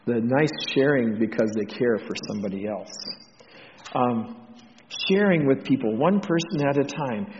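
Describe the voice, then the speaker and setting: A man with a Texan drawl preaching an informal sermon on missions, rambling with ums and restarts, getting animated. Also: mid-range voice, slight background noise. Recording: dull lo-fi sound with long hall reverb.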